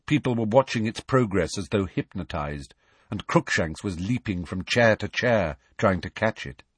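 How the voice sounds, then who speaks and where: A man giving an expressive audiobook narration of a story. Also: on the low side, normal speed, husky, no echo. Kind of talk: scripted narration.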